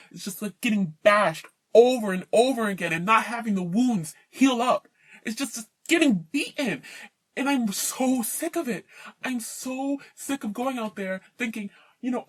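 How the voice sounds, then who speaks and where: A woman giving an indignant, emphatic personal rant to camera, worn out and mocking the people she talks about. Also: fairly high pitch. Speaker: vlogger.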